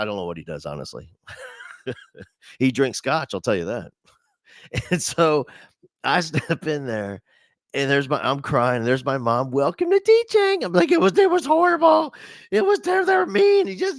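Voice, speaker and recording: Animated man telling a self-mocking story. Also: no room sound, studio quality. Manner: jumps high in pitch when quoting people. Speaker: conference speaker for teachers. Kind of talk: storytelling keynote talk. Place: online conference session.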